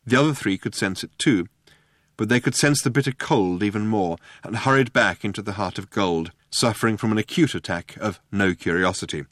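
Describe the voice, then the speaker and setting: Male audiobook narrator, low voice, dry and close. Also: fairly bright tone, no room sound. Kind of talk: scripted narration.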